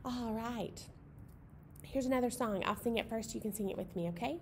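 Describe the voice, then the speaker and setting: A woman leading a children's library storytime, cheerful and chatty, with fillers and quick asides. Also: fairly high pitch, darkish tone, slight background noise.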